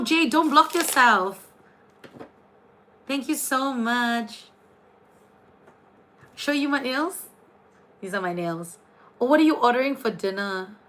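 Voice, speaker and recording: A woman's voice: a little high, a bit bright. A young Singaporean woman with a Singaporean accent, hosting a casual livestream from her room as a tarot reader. She talks in a gushing, chatty way, full of fillers and restarts.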